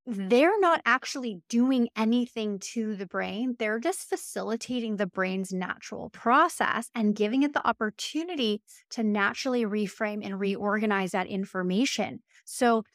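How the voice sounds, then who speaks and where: A woman hosting a casual podcast conversation, talking through ideas in a reflective, thoughtful way. Her voice sits at an ordinary middle pitch and is recorded close and dry, with no room echo. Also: normal speed, hardly any pauses. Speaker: podcast host.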